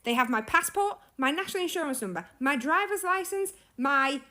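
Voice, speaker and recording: A woman's voice: high-pitched, animated, fairly quick, bright, forceful tone. A woman ranting furiously on social media, sweary and emphatic. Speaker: small business owner. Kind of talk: angry social media rant.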